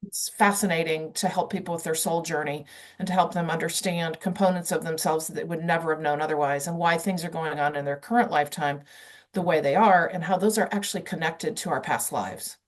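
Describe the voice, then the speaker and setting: A woman guest on an interview, telling her story in a casual, animated way with lots of "you know" fillers. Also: deep voice, fairly quick. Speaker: guest, past life channeller.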